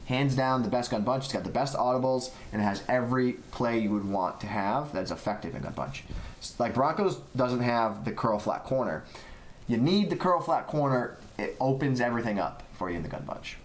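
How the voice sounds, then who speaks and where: A man's voice: medium pitch, fairly quick, rough recording. A man co-hosting a casual gaming show, talking emphatically about football plays with many restarts. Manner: excitable, emphatic, talks in restarts. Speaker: co-host and gameplay analyst.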